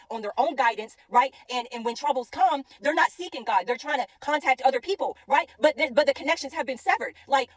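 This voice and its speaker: A woman's voice: fairly high pitch, no echo. A young woman telling a story in a casual faith devotional, chatty and always checking in with her listeners. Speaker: faith content creator.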